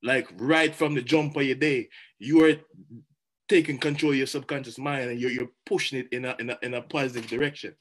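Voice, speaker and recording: Animated man giving a motivational talk. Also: medium pitch, brisk. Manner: animated, repeats words, laughs often. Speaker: motivational speaker.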